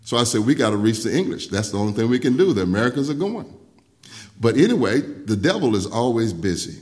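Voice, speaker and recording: An older man preaching a sermon, telling personal stories, dropping soft and low for quoted talk and rising loud when he preaches. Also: very animated, quick pace. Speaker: pastor.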